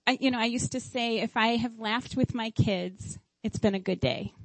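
A woman's voice: on the high side, no room sound, poor audio. A middle-aged woman, a mother, telling family stories in a casual faith-based talk, acting out her own past lines with animation. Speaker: mother sharing parenting stories.

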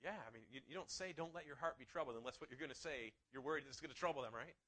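A man preaching a sermon, sniffly, telling stories with lively acted-out quotes. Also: mid-range voice, racing, low-quality recording. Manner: animated storytelling with acted-out quotes.

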